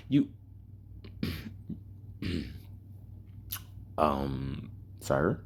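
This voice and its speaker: A man's voice: mid-range voice, very animated, unhurried, pauses often, a bit bright. A man streaming a game, ranting with mockery and profanity and repeating his points for emphasis. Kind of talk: heated rant over game messages.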